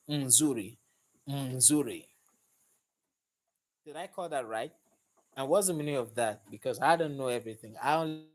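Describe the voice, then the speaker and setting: A man, a mechanic hosting a casual live stream, upbeat as he greets and thanks viewers, recorded on a phone he holds in his hand. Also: medium pitch. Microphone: phone held in hand.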